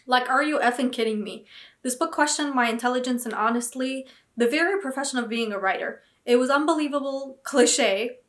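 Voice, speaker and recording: A woman's voice: high voice, a little fast, fairly bright tone. A young woman vlogging about books, talking casually and animatedly with dramatic, indignant outbursts. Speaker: book vlogger. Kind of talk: casual reaction vlog.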